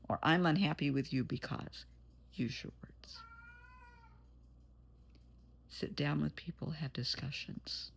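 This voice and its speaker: A woman's voice: sits low, normal speed, creaky, hardly any pauses, slight background noise. A woman therapist giving an earnest, motherly pep talk straight to her viewers, blunt at times. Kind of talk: encouraging direct-to-camera talk.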